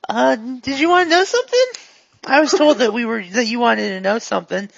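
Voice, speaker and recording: A woman's voice: on the high side, lively intonation, a little fast, creaky, no room sound, pitched above the performer's own voice. A woman voicing a dazed, overfriendly male gang member whose mind keeps glitching. He talks eagerly and forgets himself mid-thought. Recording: dull lo-fi recording.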